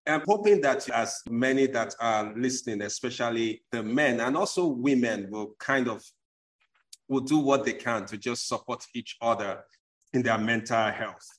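Man, podcast host, earnest, supportive, medium pitch. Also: normal speed. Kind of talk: interview hosting.

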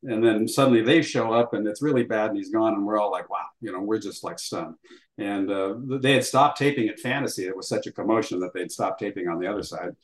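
A man's voice: lowish voice, fast talker. Older man telling a story in a roomy space. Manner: vivid storyteller who acts out dialogue, with frequent fillers. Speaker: interview guest. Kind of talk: storytelling in a conversational interview. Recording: roomy echo.

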